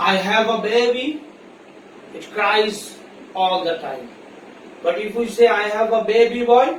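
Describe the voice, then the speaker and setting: A man with a Bangladeshi accent teaching an English grammar lesson, explaining slowly and repeating his examples. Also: high-pitched. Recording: echoey room from far off, faint noise.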